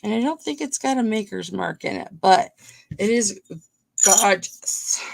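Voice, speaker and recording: A woman's voice: medium pitch, expressive, unhurried, creaky. A woman hosting a live-streamed jewelry auction, chatting casually with viewers by name as she shows and sells pieces.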